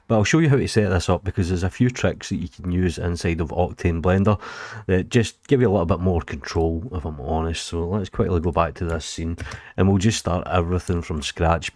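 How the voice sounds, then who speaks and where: A Scottish man casually talking through a software tutorial as host, chatty and relaxed with the odd filler. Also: sits low, no echo, clean studio sound. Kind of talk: screen-recorded software tutorial.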